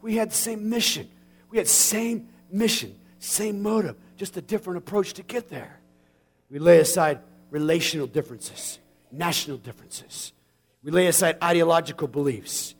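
A man in his forties preaching a sermon as pastor, plain-spoken and folksy, dropping from a quiet, intimate hush to passionate shouting. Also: fairly high pitch, normal speed, gravelly, breathy edge. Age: 40s.

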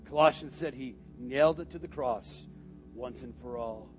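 A male preacher giving a sermon in a church, moving between quiet instructions to the congregation and shouted, climactic passages. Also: mid-range voice, moderate pace, faint music behind. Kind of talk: sermon with altar call. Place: church sanctuary.

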